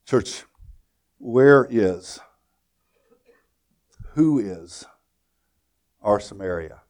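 A man's voice: mid-range voice, moderate pace. Man preaching a storytelling sermon. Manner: storytelling with frequent repetitions and restarts, swinging from loud to hushed. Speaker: pastor.

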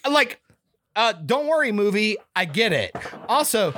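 A woman's voice: mid-range voice, very animated, a little slow, a bit bright, a little hiss or hum. A woman co-hosting a podcast, ranting casually and profanely about a movie. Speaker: podcast co-host. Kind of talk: casual chat, movie review.

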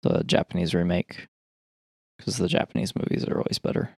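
A man's voice: low-pitched, flat delivery, brisk, vocal fry, a little mellow, no room sound, studio quality. A man co-hosting a casual movie podcast, chatty and rambling, swearing casually. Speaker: podcast co-host. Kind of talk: casual movie review chat.

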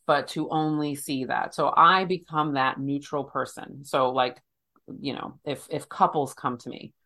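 A woman's voice: a bass voice, fairly even intonation, unhurried, bright, forceful tone. A woman counselor talking casually, thinking aloud in loose phrases full of fillers. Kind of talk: casual conversation.

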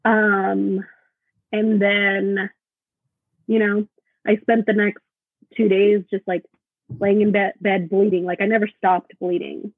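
A woman's voice: medium pitch, flat delivery, slightly rough, dry recording. Woman on a tinny video call. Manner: halting, filler-heavy storytelling. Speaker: podcast guest. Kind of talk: casual chat.

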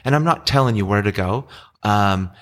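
A man's voice: lowish voice, moderate pace, fairly bright tone. A middle-aged man co-hosting a casual podcast, patiently explaining investing with frequent restarts.

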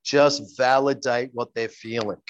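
A man's voice: medium pitch, fairly even intonation, unhurried, muffled recording, slight background noise. A man speaking as an interview guest, earnestly telling stories and acting out the dialogue in them. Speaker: guest, coach. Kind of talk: interview storytelling.

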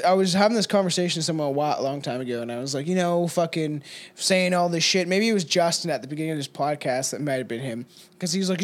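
A man co-hosting a podcast, talking casually and telling rambling, profane stories. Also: sits high. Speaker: podcast co-host.

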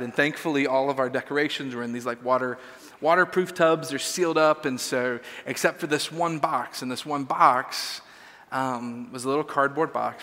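A man's voice: medium pitch, bright, forceful tone. A man telling a casual, self-deprecating personal story in a sermon, with lots of fillers. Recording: long hall reverb.

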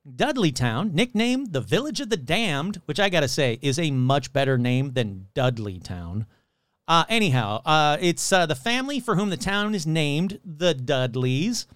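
A man's voice: on the high side, big pitch swings, unhurried, fairly bright tone, dry recording, studio quality. A man hosting a casual comedy podcast, sarcastic and profane, rambling as he mocks a legend. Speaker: podcast host.

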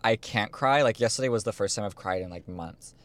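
A man's voice: on the low side, no room sound. A young man co-hosting a casual podcast, speaking openly and supportively about personal feelings. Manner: open, supportive listener, speaks quickly in bursts. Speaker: podcast co-host. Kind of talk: casual chat.

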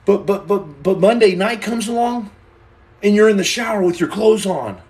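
A man from the United States hosting a live stream, joking with viewers and reading their questions, animated and playful, acting out little scenes, stammering and restarting as he goes. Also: sits high, normal speed. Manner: animated and playful, acts out scenes and repeats himself. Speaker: livestream host answering viewer questions.

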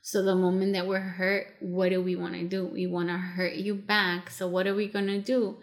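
A woman co-hosting a casual podcast chat, animated and acting out other people's lines, with casual swearing. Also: on the low side, moderate pace. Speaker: podcast co-host.

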